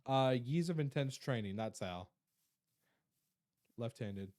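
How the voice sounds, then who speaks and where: A young man chatting on a live stream with a lively, bouncing pitch. He jokes, swears freely and greets his chat. The talk is loose and casual. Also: fairly quick, no room sound, studio quality.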